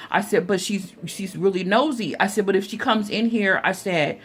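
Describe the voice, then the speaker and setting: A woman's voice: mid-range voice, unhurried, husky. A young woman telling a story to her viewers, chatty, calling them y'all, full of fillers and restarts. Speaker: vlogger. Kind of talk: casual storytime vlog.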